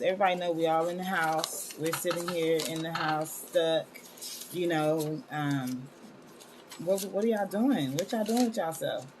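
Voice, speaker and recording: Chatty low-voiced woman live-streaming. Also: background noise. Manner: chatty, scattered, addresses viewers as y'all. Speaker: wellness show host. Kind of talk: casual live-stream talk.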